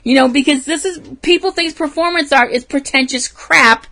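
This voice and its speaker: Chatty animated woman co-hosting. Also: high voice, normal speed. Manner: animated, laughing storyteller. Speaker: podcast co-host. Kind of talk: casual chat.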